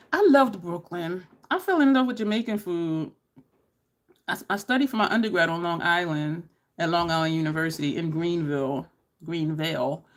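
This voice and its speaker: A middle-aged woman, chatting casually while doing her makeup and telling stories to viewers. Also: on the low side. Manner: chatty, storytelling, addresses viewers as y'all. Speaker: beauty YouTuber.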